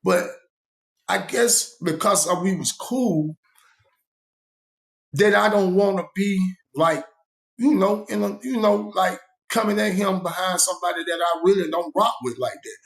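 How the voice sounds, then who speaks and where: Man, raised-pitch storyteller, profane and rambling; roomy echo. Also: measured pace, creaky. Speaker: vlogger. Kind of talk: storytelling monologue.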